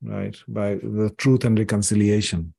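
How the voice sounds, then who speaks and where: An older man from India speaks in a low, mellow voice with a slightly husky edge. He tells personal stories earnestly, with many "you know"s. The sound is close and dry. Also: steady tone, measured pace, no echo. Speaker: podcast guest, author. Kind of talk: reflective interview conversation.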